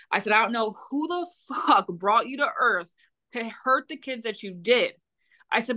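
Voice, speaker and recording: A woman's voice: medium pitch, pushed and bright. A young adult woman, a podcast guest, telling a painful personal story in a blunt, heated way with frequent swearing.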